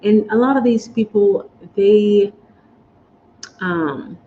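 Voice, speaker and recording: A woman's voice: mid-range voice, slow. A woman vlogger telling a personal story in a chatty, emotional way, choking up and speaking to her viewers as y'all. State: choked up with emotion. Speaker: vlogger sharing moving-abroad experiences. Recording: slightly dull, faint background hiss.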